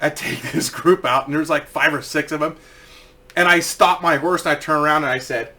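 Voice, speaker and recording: A young man casually telling funny stories, animated, swearing freely and laughing as he goes. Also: a little high, normal speed. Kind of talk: casual comedic storytelling.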